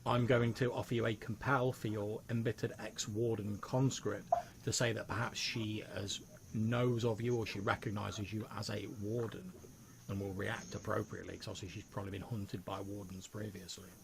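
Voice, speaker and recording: A man acting as game master, narrating the scene in steady, descriptive detail. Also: fairly low pitch, normal speed, creaky, background noise.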